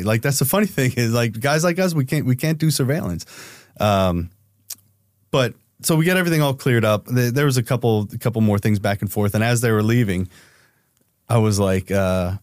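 A man's voice: moderate pace, dry recording, clean studio sound. A man telling a wild story as an investigator, swearing freely and acting out the quotes. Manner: swears freely, acts out quotes with raised pitch. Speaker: private investigator guest. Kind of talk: casual storytelling interview.

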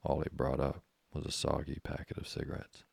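A man calmly narrating a classic sea novel as a bedtime story. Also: a bass voice, a little fast, creaky, husky, no room sound.

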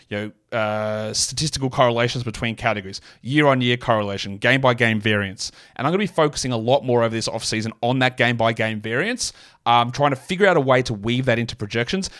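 This solo fantasy basketball podcast host is male, with a fairly bright tone and a voice sitting in the middle range. His analysis of his picks wanders, full of fillers and self-corrections.

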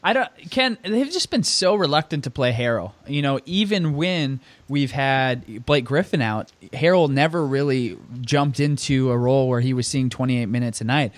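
A man's voice: mid-range voice, animated, no room sound. Man hosting a sports podcast. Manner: brisk, steers the discussion. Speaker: podcast host. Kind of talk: casual fantasy sports chat.

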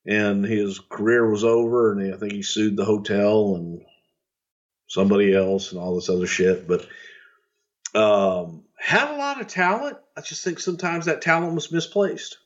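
A man's voice: fairly low pitch, lively intonation, moderate pace, lo-fi sound. A middle-aged man co-hosting a podcast, telling rambling, profane stories and laughing through his anecdotes. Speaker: podcast co-host, former wrestling executive. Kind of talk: casual storytelling.

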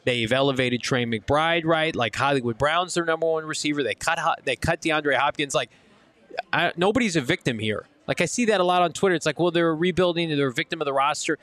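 A man's voice: on the high side, brisk, a bit bright, no echo. Emphatic male postgame show host. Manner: emphatic, ranting critique. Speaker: sports talk show host. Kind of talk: postgame sports talk. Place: live at a casino watch party.

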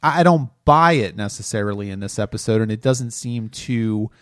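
A man's voice: lowish voice, animated, normal speed, a bit bright, no room sound, studio quality. A man co-hosting a podcast, talking through a critique in an exasperated, analytical way. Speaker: podcast co-host reviewing TV episodes. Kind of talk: casual critical chat.

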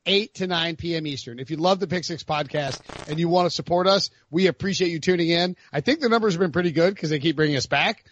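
A man's voice: on the high side, fast, few pauses, fairly bright tone, dull audio, slight background noise. A man hosting a casual sports podcast, rambling and stumbling over his words. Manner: rambling, self-interrupting. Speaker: podcast host.

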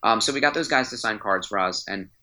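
A man chatting casually as a podcast guest, an animated, rambling fan who restarts his sentences. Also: on the low side, fast, low-quality recording. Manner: animated, rambling, self-interrupting storyteller; enthusiastic fanboy. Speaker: trading card company guest.

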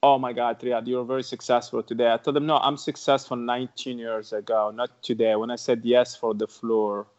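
A man's voice: mid-range voice, little pitch movement, a little fast, few pauses. Arabic-accented guy telling his story, broken english, keeps repeating himself, kinda dull lo-fi sound. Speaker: podcast guest. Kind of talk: interview storytelling.

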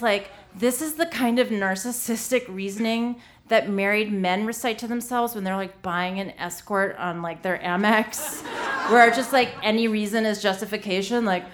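A woman's voice: a little high, moderate pace, fairly bright tone, a little hiss or hum. Comic woman telling a story live. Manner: comic, self-deprecating, lots of "like".

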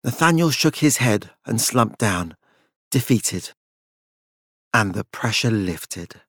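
Man narrating a dark story, dry close mic. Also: lowish voice, animated, takes it slowly, breathy edge, dry recording. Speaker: audiobook narrator.

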